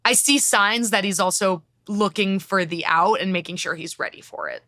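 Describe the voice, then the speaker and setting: A woman co-hosting a casual podcast, talking briskly and bluntly with casual swearing. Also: mid-range voice, pushed and bright, no echo, studio quality. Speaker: podcast co-host.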